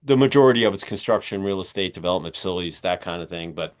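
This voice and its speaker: A man hosting a podcast interview, talking in a rambling, energetic way with many fillers, his voice going hoarse as he keeps clearing his throat. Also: low-pitched, very fast. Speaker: podcast host and magazine publisher. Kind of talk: casual interview chat.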